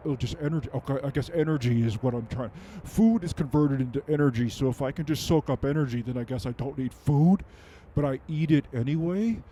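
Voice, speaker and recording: A man's voice: fairly high pitch, warm tone, slight background noise, natural voice. A man playing a goofy adult male superhero who muses aloud in a rambling way and makes his own sound effects, in an improvised comedic monologue.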